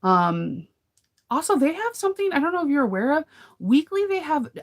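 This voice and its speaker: A woman's voice: high voice, very animated, a little fast. Woman host, casual live-stream chatter, rambling, giggly. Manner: rambling, chatty, laughs often. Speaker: sewing channel host. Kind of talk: casual live chat with viewers.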